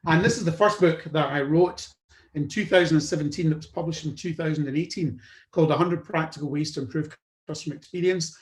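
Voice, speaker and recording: A man's voice: on the high side, fast talker. A man from the UK hosting a podcast, telling the story of his own career in a loose, conversational way with fillers and restarts. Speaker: podcast host. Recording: roomy echo.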